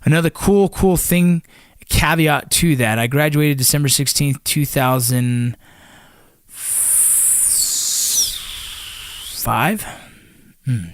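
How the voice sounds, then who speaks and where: A man in his thirties tells a war-buddy story in a loose, swearing, conversational way, stopping and restarting his sentences. His voice sits at an ordinary middle pitch and is recorded dry and close, with no room sound. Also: dry recording. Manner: profane, conversational, frequent fillers and restarts. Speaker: army veteran telling a story. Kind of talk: casual storytelling vlog.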